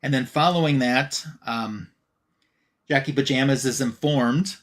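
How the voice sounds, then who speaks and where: A co-host of a fan podcast recaps a comic book story in a relaxed, conversational manner, at a middling pitch and unhurried pace. He loosely paraphrases the characters' dialogue and leans heavily on fillers like "he's like."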